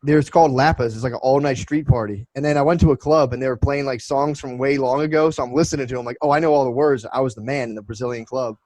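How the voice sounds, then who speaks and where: A man's voice: mid-range voice, fairly even intonation, quick pace, few pauses, darkish tone, no room sound, low-quality recording. A young man co-hosting a podcast, rambling through profane stories with constant restarts. His voice sits in a middling register. The sound is dry and close to the mic. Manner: loose, profane storytelling with many restarts. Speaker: podcast co-host. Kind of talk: casual podcast banter.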